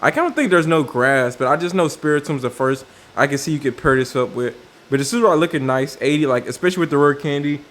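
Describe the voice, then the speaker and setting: A man's voice: fairly high pitch, fast, a bit bright. A man casually commenting on a card game's new cards, thinking aloud with many fillers and restarts. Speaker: card game video creator.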